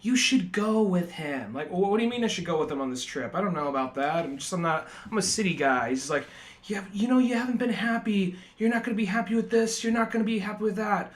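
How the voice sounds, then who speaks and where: A man's voice: high-pitched, animated, fast talker. A man co-hosting a podcast in casual chat, rambling and swearing as he retells scenes from memory. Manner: rambling, profane, laughs at his own retellings. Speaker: podcast co-host.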